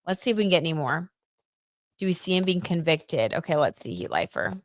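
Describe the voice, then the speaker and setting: A woman hosting a live tarot reading stream, talking casually and excitedly, gasping and reading viewer comments aloud. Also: low voice, brisk, dry recording, studio quality. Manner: chatty and excitable, reads viewer comments aloud, gasps and many "like"s.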